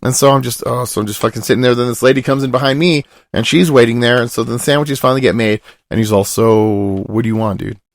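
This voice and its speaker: A man's voice: medium pitch, fast talker, vocal fry, hardly any pauses, no echo, clean studio sound. A young man telling a long rambling story on a podcast, swearing often and dropping his voice to quote other people. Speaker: podcast host. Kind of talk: casual storytelling.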